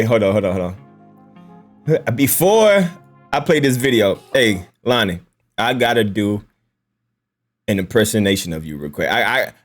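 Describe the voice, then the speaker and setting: A man hosting a casual commentary video, talking in loose, joking slang. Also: lowish voice. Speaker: YouTube commentary host.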